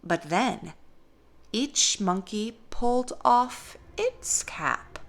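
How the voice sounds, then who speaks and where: A young woman, a caregiver, reading a storybook aloud in a slow, gentle, expressive way. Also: on the high side.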